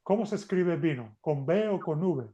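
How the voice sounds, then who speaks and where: Man, mellow tone, leading a patient online lesson over video call. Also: on the high side, expressive, brisk, dull audio. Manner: patient, coaxing, switches between two languages. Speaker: Spanish teacher. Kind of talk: teaching an online group class.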